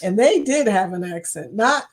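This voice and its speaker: A woman with a Kentucky accent hosts a casual livestream, talking easily with her viewers. She reads their comments aloud and often breaks into laughter. Her pitch sits in a middle range for a woman. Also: expressive, moderate pace. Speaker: livestream host.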